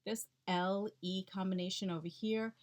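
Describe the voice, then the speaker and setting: A woman's voice: medium pitch, fairly even intonation, moderate pace, a little hiss or hum. A woman speech-language pathologist explaining techniques in a chatty, instructional way, checking in with the listener often.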